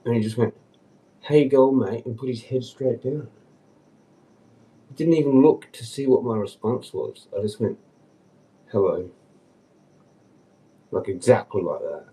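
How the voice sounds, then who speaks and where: A man rambling on a casual livestream, agitated and swearing, dropping to mutters and then jumping up in pitch. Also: moderate pace, dark tone. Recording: distant from the mic.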